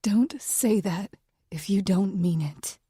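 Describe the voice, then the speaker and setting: A woman voicing a guarded, weary young woman in a whispered role-play, speaking in a soft, hushed way. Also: mid-range voice, slow, breathy edge, no echo, studio quality.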